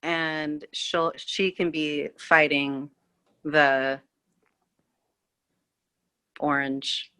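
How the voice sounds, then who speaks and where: A woman's voice: low voice, fairly even intonation, very slow, pauses often, sharp tone, smooth. A woman who lives in California, a guest in a casual political chat, rambling with many restarts and fillers.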